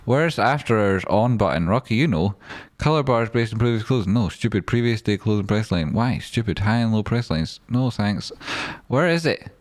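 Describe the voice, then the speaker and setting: A man's voice: lowish voice, expressive, moderate pace. A man reading out live chat and joking with viewers on a stream, swearing often. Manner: chatty, swears often, jokey banter. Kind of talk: casual livestream chat.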